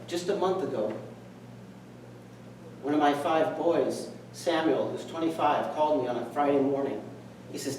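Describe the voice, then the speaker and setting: A man's voice: mid-range voice, moderate pace, darkish tone, slight background noise. A middle-aged man giving a speech at a meeting, telling a personal story in an earnest, reflective way and acting out the dialogue. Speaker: speaker. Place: meeting hall. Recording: echoey room, distant mic.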